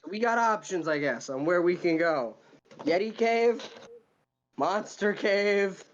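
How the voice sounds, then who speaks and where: A man playing in a tabletop game, talking in an animated way with quick stumbling restarts. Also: high-pitched. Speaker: player. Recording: dull lo-fi mic with faint noise.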